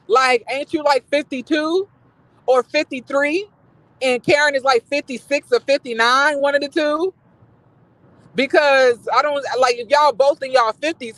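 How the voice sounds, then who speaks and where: A man with a very high voice dishes sassy, profane gossip about reality TV. He rambles, restarts his sentences and throws shade, and the sound is close and dry. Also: a bit bright, no room sound. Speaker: reality TV commentator. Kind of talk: casual gossip commentary.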